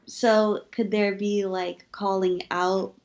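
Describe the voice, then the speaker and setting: Chatty woman pitching joke ideas. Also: little pitch movement, slow pace, darkish tone, slight background noise. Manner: thoughtful, many likes and ums, acts out pitch ideas. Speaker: comedy set reviewer. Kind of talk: casual joke feedback.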